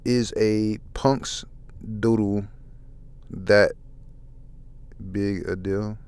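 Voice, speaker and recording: A man in a soft-spoken ASMR comic review, reading haltingly, stumbling over words and apologizing. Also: on the low side, fairly even intonation, clear, resonant tone. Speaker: ASMR manga reader.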